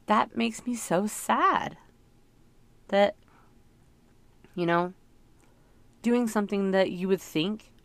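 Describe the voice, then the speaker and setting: Gravelly-voiced woman musing aloud. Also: mid-range voice, fairly bright tone, dry recording. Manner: rambling, thoughtful, many fillers. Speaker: parent sharing reflections. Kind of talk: casual reflective monologue.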